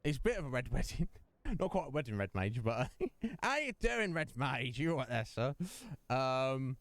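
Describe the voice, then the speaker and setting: Chatty male streamer, smooth dry voice. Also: mid-range voice, very animated, moderate pace, dry recording. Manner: chatty, rambling, joking with chat. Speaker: streamer and host. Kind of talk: casual livestream chat over gameplay.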